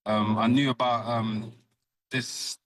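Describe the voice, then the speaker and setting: A man being interviewed remotely on a sports radio show, relaxed with brief answers and a British accent. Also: medium pitch, slow pace. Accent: British English. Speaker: guest boxer.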